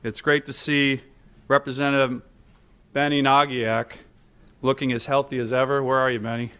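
A man's voice: medium pitch, little pitch movement, moderate pace, fairly bright tone, clear, resonant tone. A middle-aged man, a senator, giving a formal speech to a legislative chamber, telling anecdotes with self-deprecating jokes.

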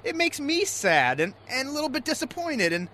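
A man playing a hot-tempered fishing skipper in a comedy sketch, his voice pitched very high and swinging widely from shouts to coaxing. The tone is bright and cutting, over a faint hum of background noise. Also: sing-song, moderate pace, full character voice. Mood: mock soothing. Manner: yells in exasperation, then turns mock-soothing. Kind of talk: radio comedy sketch acting.

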